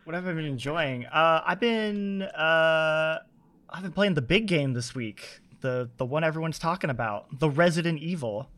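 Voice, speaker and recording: A man's voice: on the high side, expressive, normal speed, fairly bright tone. A man hosting a podcast, rambling enthusiastically in casual chat. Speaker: podcast host.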